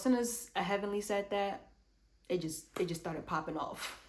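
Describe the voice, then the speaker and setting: A woman casually recapping a reality show episode, chatty and animated, acting out what the cast said. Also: fairly low pitch, moderate pace. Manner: chatty and animated, acts out quotes. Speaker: reality TV reviewer.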